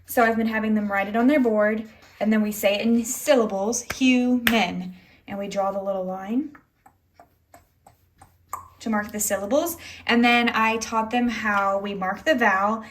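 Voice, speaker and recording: A woman's voice: medium pitch, steady tone, moderate pace, slight background noise. A young woman teacher, chatting casually about her school day with lots of "like" and "anyways.". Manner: chatty, rambling, many "like"s and "anyways". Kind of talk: casual day-in-the-life vlog talk.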